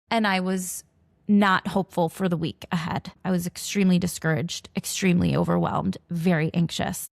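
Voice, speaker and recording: In a dry recording, a woman in her forties with a lowish voice tells a personal story to camera. She's the mother of a teenager with food allergies and plays out both sides of every conversation.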